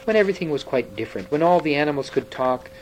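A man's voice: a little high, animated, fast, darkish tone, a little hiss or hum, natural voice, poor audio. A man doing an eager young boy prince. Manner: eager babbling, then faltering.

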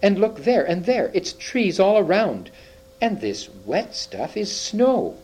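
A man's voice: mid-range voice, sing-song, moderate pace, dark tone, slightly rough, rough recording. A man reading aloud, voicing a bluff, decisive eldest boy with hearty exclamations. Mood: excited.

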